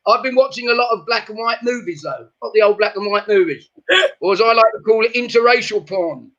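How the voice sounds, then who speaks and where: A comedian guests over a video call, his high, bright voice coming through dull and lo-fi. He rattles off one-liners and laughs at his own jokes. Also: a little fast. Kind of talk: stand-up jokes in casual chat.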